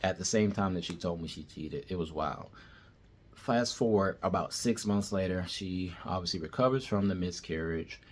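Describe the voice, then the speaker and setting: A man's voice: low voice, normal speed. A man telling a personal story in a casual, blunt, plain-spoken way.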